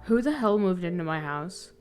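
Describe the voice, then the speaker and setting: A young woman streaming a video game, swinging between loud excitement and low muttering as she talks. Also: normal speed, smooth, soft background music. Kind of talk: casual gameplay commentary.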